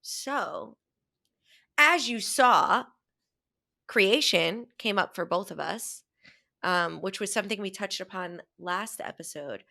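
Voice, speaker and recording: A woman's voice: medium pitch, expressive, takes it slowly, gravelly, bright, forceful tone. A young adult woman from the United States co-hosting a podcast, chatting casually with rambling asides. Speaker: podcast co-host. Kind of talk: casual chat.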